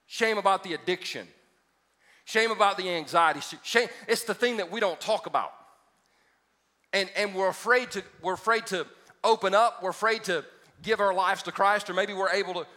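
A man's voice: high-pitched, bright, forceful tone. A man preaching a sermon, folksy and joking, building to emphatic points. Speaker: pastor. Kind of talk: sermon with storytelling. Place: large church hall. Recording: reverberant church hall.

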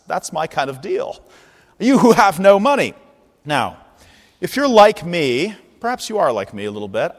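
A male pastor preaching a sermon, animated and at times shouting out calls for attention. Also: sits high. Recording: long reverb of a large hall.

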